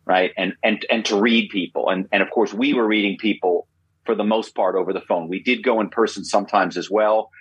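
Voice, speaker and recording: A man in his fifties, a guest in an interview, telling stories in an animated way, often repeating himself and adding tag questions. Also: on the low side, fairly quick, slightly rough, dry recording, highs cut off. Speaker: guest, former corporate spy. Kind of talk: interview storytelling.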